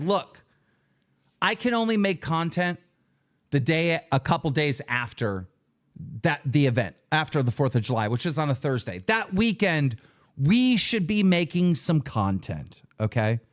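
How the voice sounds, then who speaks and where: A man hosting a show, ranting angrily with heavy swearing and sudden shouted bursts. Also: on the high side. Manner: profane, heated, bursts into shouting. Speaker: show host. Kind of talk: angry livestream rant.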